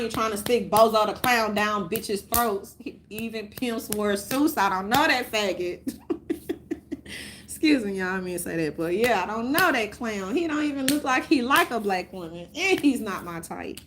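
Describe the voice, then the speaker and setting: A woman with a somewhat high voice rants to her viewers in a loose, rambling vlog. She swears freely and laughs as she goes. Faint ambience sits behind her. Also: animated, moderate pace, fairly bright tone, slight background noise. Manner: profane, rambling, often laughing. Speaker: vlogger. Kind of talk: casual rant to viewers.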